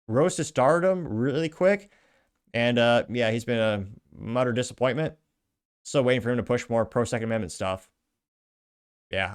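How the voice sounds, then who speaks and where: A male host goes through a list of viewer comments on his show, reading each aloud and then adding dry, offhand asides with chuckles. His conversational voice sits at an everyday pitch and has a clean tone.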